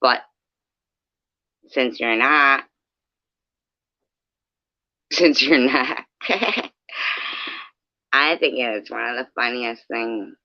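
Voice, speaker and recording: A woman chats with her viewers at an unhurried pace, cracking jokes and laughing often. She swears freely. The sound is dull and lo-fi, with a dry room. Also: very deep voice, no room sound. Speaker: streamer chatting with viewers. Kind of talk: casual live chat.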